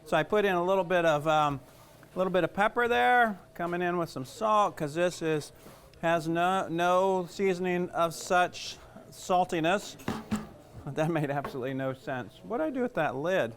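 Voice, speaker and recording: A man's voice: high voice, expressive, normal speed, a bit bright. A middle-aged man with a Southern US accent, a chef giving a casual cooking demonstration, chatty and rambling with jokes at his own expense. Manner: chatty, rambling, self-joking.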